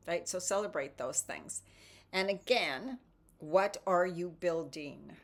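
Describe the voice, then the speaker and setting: A woman's voice: fairly low pitch, normal speed. A woman hosting a casual motivational morning talk and reading tarot cards, chatty and often adding "right?".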